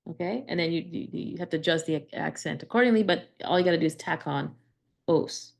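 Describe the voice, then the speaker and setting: A woman's voice: lowish voice, fairly quick, vocal fry, a little mellow. A woman teaching a Greek grammar class, explaining step by step with frequent "right?" checks and restarts. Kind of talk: live class lesson.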